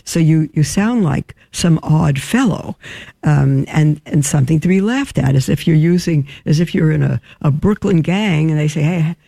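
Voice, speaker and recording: A woman, a religious sister hosting a talk show, reads listener emails aloud and answers them in an earnest, halting, frank way. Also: sits low, animated, creaky, mellow, no echo.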